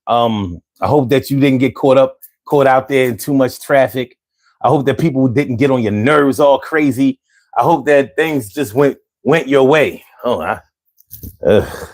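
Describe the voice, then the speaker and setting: A man hosting a casual livestream, reading chat and talking in street slang, swinging from low mutters to loud exclamations. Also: a little slow. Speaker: livestream host. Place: home.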